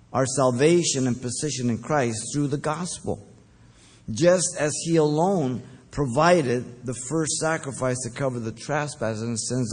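A man preaching verse by verse, deliberate and emphatic, with occasional fillers. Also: medium pitch. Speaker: pastor. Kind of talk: verse-by-verse Bible teaching.

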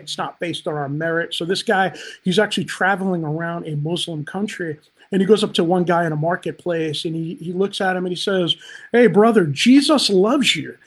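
A man's voice: sits high, fairly bright tone. A man speaking as a pastor on a livestream, upbeat and talking straight to viewers in the chat. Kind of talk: livestream Bible teaching.

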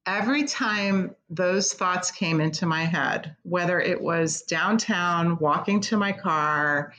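Appearing as a guest in an emotional interview, the middle-aged executive director of a concert pavilion, who has a Midwestern American accent, talks candidly and earnestly about her work and is tearful at times. She speaks slowly in a lowish voice that is pushed and bright. The audio is poor, with slight background noise.

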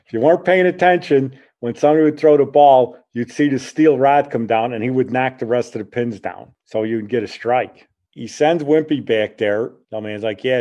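A radio host in his sixties from the Chicago area tells stories in a chatty, casual way. His voice is mellow and mid-pitched. He livens up when something amuses him. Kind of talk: casual storytelling.

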